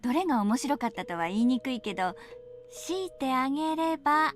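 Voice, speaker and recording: A woman's voice: high voice, animated, very fast, faint music behind. An actress playing a cheerful, playful middle-aged mother in an anime. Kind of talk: anime voice acting.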